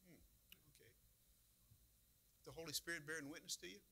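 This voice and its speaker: Bright-voiced male pastor preaching. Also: on the high side, a little fast, breathy edge. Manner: conversational preaching with rhetorical questions. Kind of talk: sermon. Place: church.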